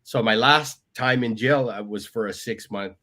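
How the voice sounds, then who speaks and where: A podcast guest, this man shares his life story in a conversational storytelling interview, quoting people and frequently adding "right?". He has a medium-pitched voice with a sharp tone and speaks at a moderate pace.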